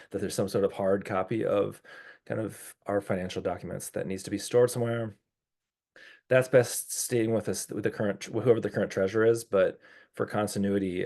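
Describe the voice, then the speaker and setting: Man, hoarse, gravelly, lowish voice, casual meeting chair. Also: a little mellow. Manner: casual, clarifying, procedural. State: losing his voice. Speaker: meeting chair of a neighborhood commission.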